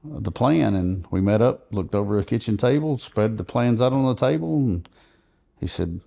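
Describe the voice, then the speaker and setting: Low, mellow male guest telling a long story earnestly. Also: lively intonation, moderate pace, creaky. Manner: earnest, recounting events at length. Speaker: podcast guest. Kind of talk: conversational storytelling.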